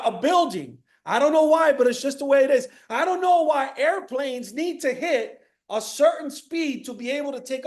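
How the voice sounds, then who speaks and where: Man from Miami, motivational speaker, high-pitched, high-energy, repeats phrases, asks the audience questions.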